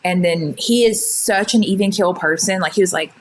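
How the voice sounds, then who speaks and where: A young woman telling her own story in casual chat, full of "like" fillers and quick retellings. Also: medium pitch, slight background noise, poor audio. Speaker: guest sharing her story.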